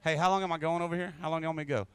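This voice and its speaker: A man's voice: on the high side, steady tone, rapid-fire, smooth. A man who is a musician guest, drinking whiskey and chatting casually between songs in a rambling, crude, joking way.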